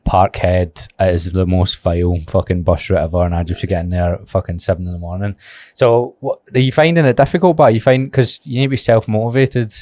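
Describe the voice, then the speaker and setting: A man's voice: low voice, brisk, a little mellow, dry recording. A Scottish man in his twenties with a Glasgow accent, hosting a casual podcast chat, joking, teasing and swearing freely. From Scotland. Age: 20s. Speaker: podcast host.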